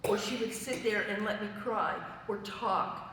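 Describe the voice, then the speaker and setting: A woman's voice: mid-range voice, a little slow, fairly bright tone. Woman telling her story in an echoey hall. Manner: conversational storytelling, vivid detail. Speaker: church member giving testimony. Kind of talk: personal testimony to a fellowship gathering. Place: church fellowship hall. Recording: echoey hall, voice from far off, faint noise.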